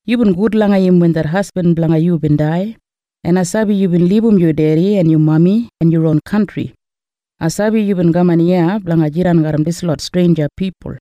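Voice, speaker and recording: A man's voice: sits high, a little fast, dark tone, no room sound, lo-fi sound, lightly acted. A man with an Australian Kriol accent voicing Boaz, a gracious wealthy male landowner, in a Bible story reading. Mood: kindly.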